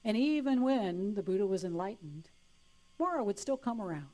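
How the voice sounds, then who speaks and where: Woman preacher, mid pitch, playful and warm, breaks into laughter. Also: lively intonation, normal speed. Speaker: minister. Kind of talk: sermon.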